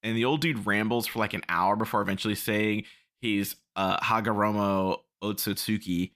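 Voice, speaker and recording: Bright-voiced animated male podcast host. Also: on the low side, moderate pace. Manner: animated, swearing, laughing, acting out characters. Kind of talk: casual chat recapping anime episodes.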